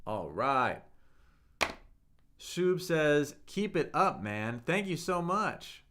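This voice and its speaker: A man's voice: on the high side, sing-song, extremely slow, a bit bright. A man teaching Mandarin on a live stream, upbeat and talking to viewers in the chat while he repeats vocabulary. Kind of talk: live-streamed language lesson.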